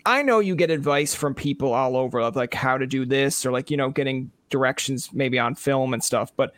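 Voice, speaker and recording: A man's voice: mid-range voice, fairly quick, fairly bright tone, no echo. Man, podcast host, casual rambling questions, dry close sound. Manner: rambling, heavy use of "like". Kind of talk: casual interview chat.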